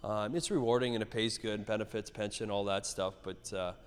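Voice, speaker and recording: A man's voice: fairly low pitch, a little fast, clear, resonant tone. A middle-aged man from Canada, a gym owner chatting in an interview, rambling and swearing with lots of restarts. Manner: rambling, profane, animated storytelling with many restarts. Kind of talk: casual interview chat. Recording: echoey hall reverb.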